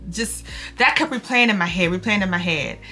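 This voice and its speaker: A woman's voice: medium pitch, a little fast, bright, forceful tone, faint music behind. A young woman talking to her viewers in a confessional vlog. She is close to tears, restarts and repeats herself, and calls her viewers y'all. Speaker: vlogger.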